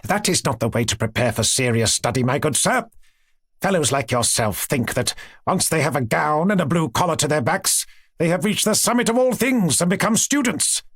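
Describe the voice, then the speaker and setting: A man's voice: fairly high pitch, expressive, moderate pace, a bit bright, breathy edge, no echo, studio quality, full character voice. A man voicing a stern, pompous male professor who scolds in a clipped, condescending way. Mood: scolding.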